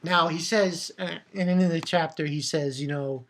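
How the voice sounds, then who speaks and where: Bright-voiced man ranting casually. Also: a little high, moderate pace, hardly any pauses. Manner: animated rambling with frequent swearing and restarts. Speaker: manga reviewer. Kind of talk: casual solo video review.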